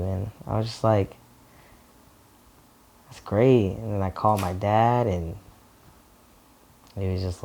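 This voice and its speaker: A young man in a documentary interview, telling lively personal stories and laughing often. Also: on the low side. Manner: animated storyteller, laughs often.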